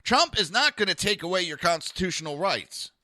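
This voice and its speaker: A man's voice: sits high, big pitch swings, brisk, bright, forceful tone, no echo, studio quality. A man hosting a political talk podcast, ranting bluntly and sarcastically with lots of profanity and talking to his live listeners. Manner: talks to listeners in a live chat. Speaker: podcast host.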